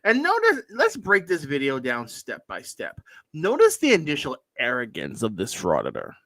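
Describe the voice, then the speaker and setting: Bright sarcastic man hosting a reaction. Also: a little high, wildly swooping pitch, moderate pace, dry recording. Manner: sarcastic, scornful. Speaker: host reacting to videos. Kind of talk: mocking reaction commentary.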